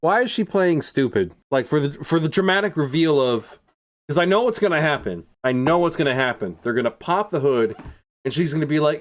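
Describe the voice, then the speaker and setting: A man's voice: on the high side, animated, normal speed. A young man commenting on a racing game, sarcastic and rambling, laughing often. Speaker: gaming YouTuber.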